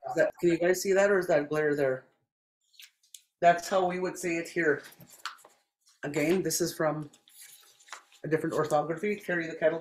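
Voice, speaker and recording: A woman's voice: lowish voice, a little mellow, a little hiss or hum. Woman teaching words in an echoey room. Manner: repeats words slowly and clearly for learners. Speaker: language teacher. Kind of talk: classroom language lesson. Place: classroom. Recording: echoey classroom.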